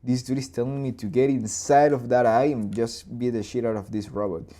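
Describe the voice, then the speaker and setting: A man's voice: mid-range voice, fairly even intonation, a little fast, mellow, natural voice. A man voicing a scrappy little chihuahua. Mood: determined. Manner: casual, voicing the dog's thoughts aloud. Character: small tough male chihuahua dog.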